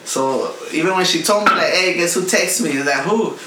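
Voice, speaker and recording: Man, casual stories, slangy and laid-back, slightly high voice, echoey room. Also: fairly quick. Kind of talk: casual storytelling chat. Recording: echoey room with background noise.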